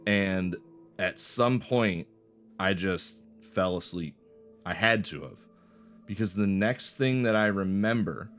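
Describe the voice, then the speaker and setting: Deep-voiced guy in his 20s rambling thru a story, swears a ton, faint music underneath. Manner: swears a lot, loose rambling delivery with fillers. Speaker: vlogger telling a personal story. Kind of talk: casual storytelling.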